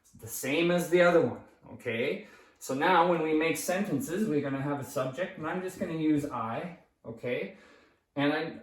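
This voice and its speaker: A man's voice: on the high side, normal speed. A man teaching English grammar at a whiteboard, patient and repetitive, often checking in with "okay?". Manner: patient, repeats key phrases, checks in with "okay?". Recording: echoey room, voice far from the mic.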